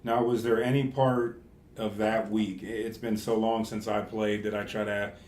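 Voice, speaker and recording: Low-voiced host in an echoey room. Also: male voice, flat delivery, normal speed, a little mellow. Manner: rambling questions with many restarts. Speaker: podcast host and coach. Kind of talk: interview questions.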